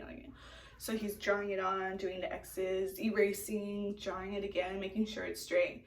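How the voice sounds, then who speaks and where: A woman's voice: mid-range voice, flat delivery, normal speed. A young woman telling a casual storytime vlog, chatty, laughing often and filling her talk with "like". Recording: echoey room, distant from mic.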